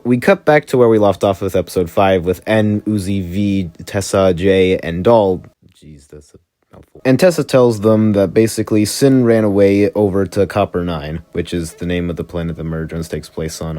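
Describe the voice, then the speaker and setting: A man's voice: deep voice, a little mellow, no echo. A young man chatting through an episode recap in a casual way, with wry little asides. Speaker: show reviewer.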